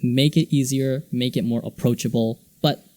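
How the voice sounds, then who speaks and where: A man's voice: mid-range voice, fairly even intonation, moderate pace, warm tone, no room sound. A man who teaches English, explaining teaching methods in an earnest instructional video, now and then acting out exaggerated example lines. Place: teaches in Japan.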